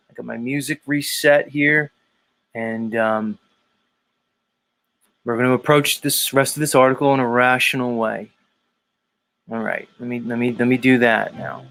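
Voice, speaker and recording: A man's voice: mid-range voice, bright, forceful tone. A male host ranting on his commentary show in an agitated, profane and rambling way. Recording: talk show with music playing underneath. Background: music.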